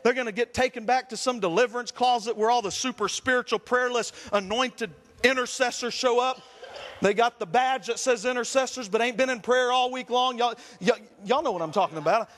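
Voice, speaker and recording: A man's voice: very high voice, fairly quick, fairly bright tone, big-room sound. A man, a Pentecostal pastor, preaching a fervent sermon with repeated refrains. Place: church sanctuary.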